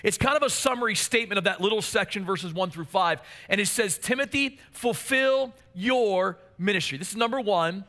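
A man's voice: high-pitched, normal speed, few pauses, bright, forceful tone. A man preaching a sermon as pastor, earnest and emphatic, repeating key phrases for weight.

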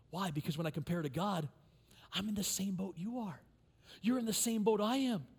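A pastor with a notably high voice preaches to his congregation. He drops to near-whispers for intimate points, then rises loud and impassioned when voicing a plea. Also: gravelly. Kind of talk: sermon.

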